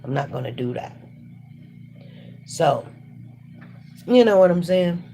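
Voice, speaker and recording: Soft music plays behind a woman whose lowish, dark-toned voice moves slowly yet animatedly. She is hosting a casual livestream, working while voicing emphatic, repetitive reflections centred on faith.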